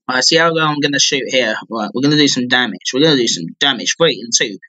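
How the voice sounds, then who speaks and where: A young man giving live commentary on his own gameplay, clearing his throat often and breaking into excited outbursts. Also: mid-range voice, moderate pace. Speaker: gamer streamer.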